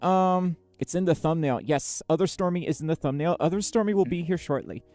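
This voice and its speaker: A woman's voice: low voice, fairly quick, mellow. A woman chatting casually on a livestream, bubbly and giggly, reading chat messages aloud with lots of fillers. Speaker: streamer.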